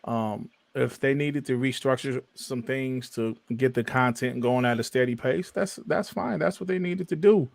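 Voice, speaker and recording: A man hosting a gaming podcast in casual chat, reading viewer comments aloud with animated swings in pitch. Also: normal speed, gravelly, hardly any pauses, dry recording. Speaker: podcast host.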